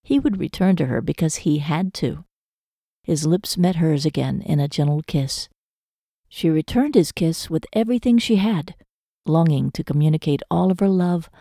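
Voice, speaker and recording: Woman reading a romance audiobook, low mellow voice, dry close mic. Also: unhurried, no room sound. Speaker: audiobook narrator. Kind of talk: scripted narration of a romance.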